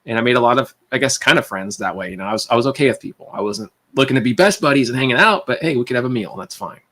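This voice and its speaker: Man, livestreamer, casual storytelling, rapid rambling delivery, animated, mid-pitched. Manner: rambling, animated, restarts and tangents.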